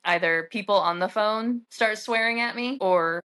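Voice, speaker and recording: A woman co-hosting a casual podcast, telling animated stories full of "like" fillers. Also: mid-range voice, moderate pace, smooth. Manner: animated storyteller, heavy use of "like". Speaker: podcast co-host. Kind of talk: casual chat.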